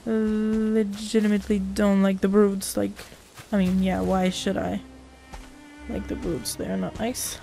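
A woman's voice: mid-range voice, level tone, unhurried, gravelly, dark tone, faint music behind. Jumpy swearing woman narrating her gameplay. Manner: jumpy, swearing, talks to herself while playing. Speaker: gaming channel host. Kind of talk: live gameplay commentary.

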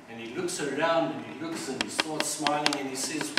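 A man's voice: medium pitch, moderate pace. A man giving an informal community speech with a joke, hesitant, with many ums and restarts. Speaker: community speaker. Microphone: distant mic. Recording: echoey hall from far off with background noise.

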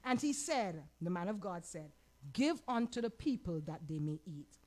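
A woman pastor with a Caribbean accent teaching a Bible lesson, animated, asking the audience questions and acting out quoted lines. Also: medium pitch, normal speed. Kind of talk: sermon-style Bible teaching.

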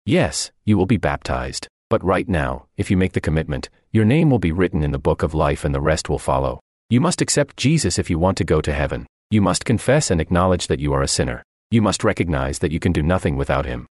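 A man's voice: deep voice, very animated, a little fast, darkish tone, no room sound. A man voicing a translated radio sermon, preaching earnestly and emphatically with repeated phrases, close to the mic.

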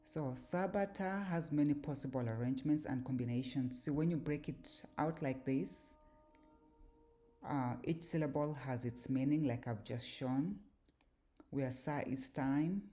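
A woman giving a slow, deliberate explanatory lecture on word meanings, pausing often with fillers. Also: extremely low pitch, mellow. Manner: measured, deliberate, with pauses and fillers. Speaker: language teacher.

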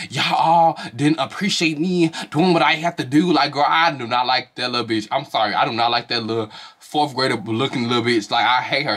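Fast-talking, bright-voiced man gossiping. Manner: profane, animated gossip with frequent swearing; slips into high, put-on falsetto for quoted reactions. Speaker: reality show reviewer. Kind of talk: casual vlog commentary.

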